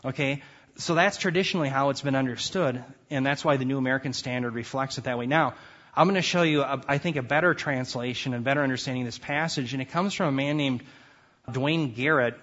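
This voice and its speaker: A man gives an emphatic classroom lecture on scripture, his voice at a middle pitch. He reads verses aloud with rising force. The recording is dull and lo-fi. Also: fast, a bit bright. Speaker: Bible teacher.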